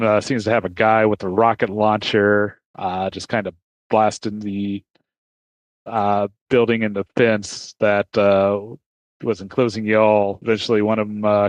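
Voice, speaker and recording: A man narrating a tabletop game as game master, halting with many fillers. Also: fairly low pitch, no room sound.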